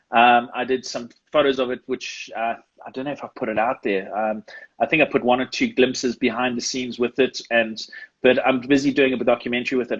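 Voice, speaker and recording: A South African man chatting casually as a guest photographer, laughing often and clearing his throat. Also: medium pitch, highs cut off. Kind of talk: casual live chat.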